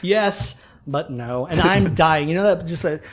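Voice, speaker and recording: Casting: slightly high-voiced man, animated, swears a lot, tells stories in casual chat. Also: unhurried. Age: older than mid-twenties. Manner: profane, animated storytelling with acted-out quotes.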